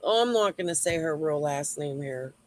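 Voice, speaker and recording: A woman's voice: low-pitched, lively intonation, moderate pace, rough recording. A woman hosting a livestream, rambling and swearing while she answers viewers in the chat. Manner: rambling, profane, replying to chat. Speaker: YouTube livestream host. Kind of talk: casual livestream rant.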